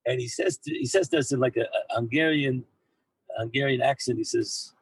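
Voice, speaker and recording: A man who heads a yeshiva, telling an anecdote in an animated way to his former students, mixing in Hebrew and Yiddish words and often repeating himself as he goes. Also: medium pitch, brisk, husky, no room sound, rough recording. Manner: frequent repeats and restarts. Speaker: rabbi and yeshiva head. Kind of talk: storytelling talk to former students.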